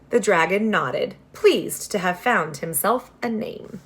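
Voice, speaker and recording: A woman reading a children's novel aloud, expressive, with casual asides to her listeners. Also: fairly low pitch, a little slow, few pauses. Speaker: reader.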